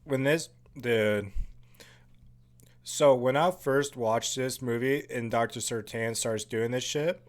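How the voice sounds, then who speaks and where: Profane, excitable man doing movie commentary. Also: mid-range voice. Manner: profane, excitable, jokey asides.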